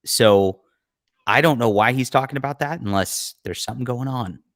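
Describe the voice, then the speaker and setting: A man's voice: medium pitch, normal speed, fairly bright tone, no room sound, clean studio sound. A man hosting a livestream, giving blunt, mocking commentary on a clip, with frequent fillers. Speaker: livestream host. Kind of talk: casual commentary over a clip.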